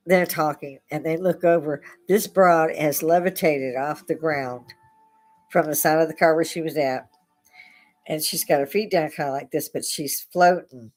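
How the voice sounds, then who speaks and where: Lower-voiced woman telling stories with laughs. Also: unhurried. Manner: laughs often while telling spooky stories. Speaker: host. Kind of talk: casual storytelling.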